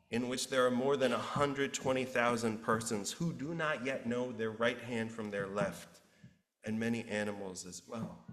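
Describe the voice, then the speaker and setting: A man voicing God in a sermon retelling, grave and measured. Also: mid-range voice, fairly bright tone, pitched below the performer's own voice, close to an everyday voice. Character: solemn merciful male God voice. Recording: roomy church echo.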